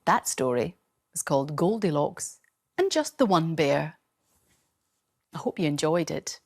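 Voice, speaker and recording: A woman teacher reading a bedtime story aloud in a gentle, expressive storytelling manner. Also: low voice, unhurried.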